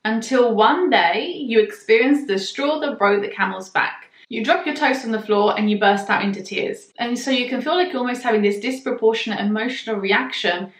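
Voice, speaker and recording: A woman explaining a topic in a calm, direct video lesson, speaking straight to the viewer. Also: on the high side, moderate pace, few pauses, echoey room. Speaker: human design teacher.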